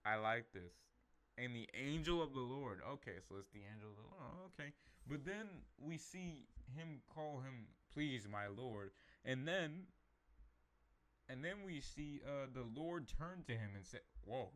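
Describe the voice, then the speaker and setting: A man's voice: mid-range voice, lively intonation, measured pace. A man casually reading the Bible aloud, stumbling over names and laughing at his own slips. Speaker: Bible reader.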